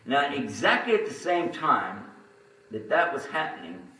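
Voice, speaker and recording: A Texan man recounts his personal story to an audience as a religious speaker, chatty and prone to asides. His medium-pitched voice is bright and forceful, sing-song and a little slow, captured with a roomy, distant-mic sound.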